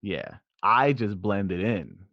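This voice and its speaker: A man's voice: on the low side, sing-song, takes it slowly, no echo, highs cut off. A man in his thirties from New York, a podcast guest in casual chat who is laid-back and laughs often.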